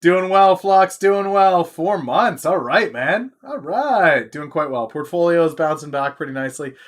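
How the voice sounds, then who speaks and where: A man's voice: a little high, lively intonation, a little slow. A man hosting a casual live stock market stream, rambling and answering viewers' chat.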